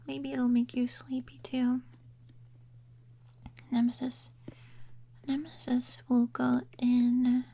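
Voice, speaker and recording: Woman, soft-spoken ASMR chat, whispery, slow and unhurried delivery. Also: a little high. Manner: whispery and mumbly, with trailing restarts. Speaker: ASMR gaming creator. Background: quiet rain sounds.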